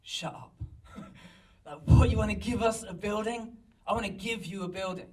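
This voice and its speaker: A pastor telling a story in a sermon, animated and self-mocking, recorded in a church. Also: male voice, sits high, normal speed, distant mic, low-quality recording. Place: church hall.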